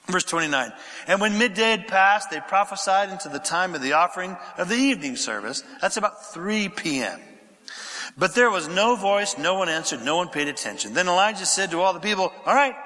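A pastor preaching a sermon, reading scripture aloud, questioning his congregation and dropping to a whisper for quiet passages. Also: high voice. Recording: echoey hall with long reverb.

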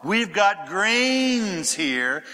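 A pastor preaching a sermon, reading scripture aloud, questioning his congregation and dropping to a whisper for quiet passages. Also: high voice, sing-song, drawn-out words. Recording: echoey hall with long reverb.

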